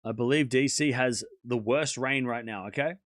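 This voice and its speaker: A man's voice: medium pitch, moderate pace, no room sound. Casual male tennis streamer, dry close sound. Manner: chatty, talks to chat, laughs often. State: sore throat. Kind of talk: casual live-stream chat.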